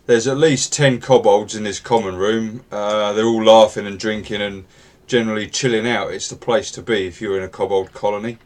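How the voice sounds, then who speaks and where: A man runs a tabletop game in a lowish voice. His narration is relaxed and rambling, full of filler words. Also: fairly quick, few pauses. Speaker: game master.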